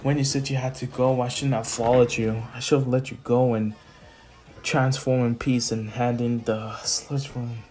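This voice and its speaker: A man's voice: mid-range voice, flat delivery, normal speed, lightly acted. Earnest teen boy hero who teleports, a man doing the voice, told over a faint beat. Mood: guilty. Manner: earnest, blames himself. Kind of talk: fan story narration. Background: soft lofi music.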